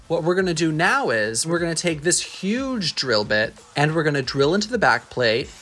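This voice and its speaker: A man's voice: a little high, big pitch swings, moderate pace, pushed and bright, faint music behind. A man explaining DIY steps in a casual home vlog, playful as he walks through them. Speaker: vlogger. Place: apartment, indoors.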